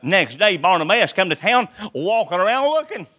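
A man preaching a sermon, swinging between loud calls and hushed lines. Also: high voice, sing-song, normal speed.

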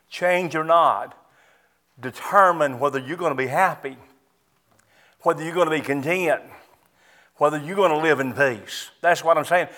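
A man's voice: fairly high pitch, fairly bright tone. A middle-aged man preaching a sermon as pastor, emphatic and repetitive, stressing key words.

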